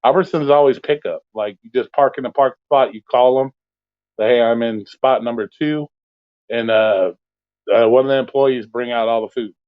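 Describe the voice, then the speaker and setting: Hosting an open call-in stream, this man rants bluntly and swears nonstop in loose, casual talk. He speaks briskly at a medium pitch over a thin line that sounds like a phone. There's no echo; the audio is dry and close-miked.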